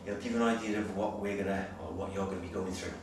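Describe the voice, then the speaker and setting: A slightly breathless male personal trainer demonstrating exercises, giving brisk, direct coaching with frequent check-ins. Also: low voice, steady tone. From Wales. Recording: very echoey, distant, noisy room sound.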